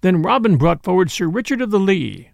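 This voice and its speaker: A man reading a classic adventure tale aloud as narrator, in an expressive storytelling manner. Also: high-pitched, fairly quick, gravelly, no echo.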